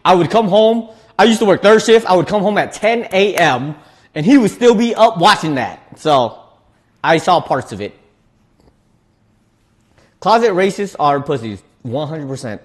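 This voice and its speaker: A man's voice: sits high, moderate pace. Guy streaming while he cooks, bouncy voice that jumps all over, laughs a lot. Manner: loose, animated, laughs often, restarts words. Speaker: streamer reading chat. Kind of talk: casual cooking livestream chat.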